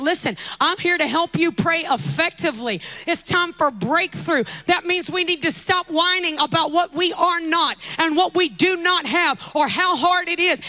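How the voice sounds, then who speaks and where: A woman preaching a lively sermon from a church pulpit, joking with the congregation, shouting at her peaks and dropping to soft, intimate tones. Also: very high-pitched, moderate pace, hardly any pauses. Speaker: guest preacher.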